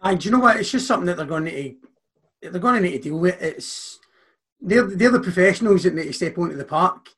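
A Scottish man weighs in on a football podcast, earnest and sweary. His voice is high for a man and noticeably husky. He rattles off lists to make his point. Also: lively intonation, quick pace, a bit bright. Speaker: podcast co-host. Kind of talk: casual football chat.

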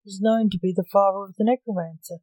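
A woman voicing a smug, scheming necromancer in a read-aloud short story, loud and flippant. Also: mid-range voice, fairly even intonation, quick pace, dry recording, lightly acted, low-quality recording. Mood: indignant.

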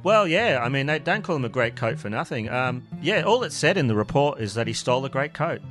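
A man's voice: medium pitch, sing-song, brisk, fairly bright tone, soft background music. A man co-hosting a podcast, bantering casually and telling crude, jokey stories. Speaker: podcast co-host.

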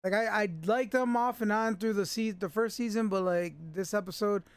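Guy with a high smooth voice just chatting about a show, loose and rambly, dry close mic. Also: fairly even intonation, a little fast, no room sound. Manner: laid-back, rambling, swears freely. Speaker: podcast co-host reviewing a TV episode. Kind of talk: casual chat.

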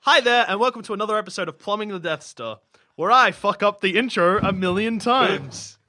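A man's voice: sits high, animated, brisk, pushed and bright, no room sound, studio quality. A man hosting a podcast, who keeps fumbling the intro between laughs and swearing. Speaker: podcast host reading the intro. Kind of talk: casual chat, repeated intro takes.

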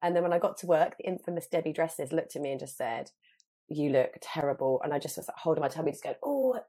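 A woman in her thirties, a guest telling a story in animated casual chat, full of fillers. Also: low-pitched, rapid-fire.

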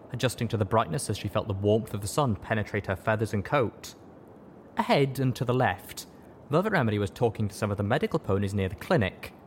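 A man narrating a fan fiction story as an audiobook reading, in a steady, expressive storytelling manner. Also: on the low side, a little hiss or hum.

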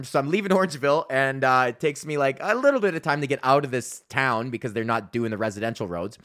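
Canadian guy in his 30s ranting through a story on his own podcast, cursing constantly, average-pitched voice. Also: fast, few pauses. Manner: profane, rambling, animated storytelling. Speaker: podcast host and comedian. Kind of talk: casual solo podcast storytelling.

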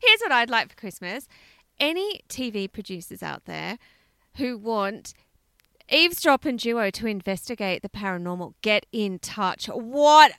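A woman co-hosting a podcast, chatting casually and telling stories with excitement, laughing often. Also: fairly high pitch, measured pace, clear, resonant tone, no echo. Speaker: podcast co-host. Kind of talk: casual chat.

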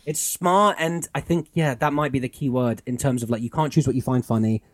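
A man's voice: medium pitch, brisk, no echo, studio quality. A man co-hosting a podcast in casual chat, rambling and musing with lots of fillers. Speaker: podcast co-host.

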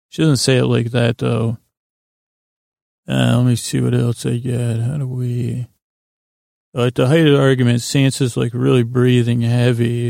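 Very gravelly, flat-voiced man rambling. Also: medium pitch, no echo, clean studio sound. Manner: meandering, loose retelling with many fillers. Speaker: podcast host. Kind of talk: rambling bedtime episode recap.

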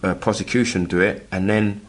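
Deep-voiced man telling a halting story. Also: steady tone. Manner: halting, many restarts, acts out quoted voices. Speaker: guest telling his story. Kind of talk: casual storytelling chat.

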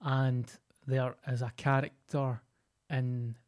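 A Scottish man co-hosts a podcast, speaking slowly at a medium pitch. He tells stories in relaxed conversation, animatedly acting out what people said.

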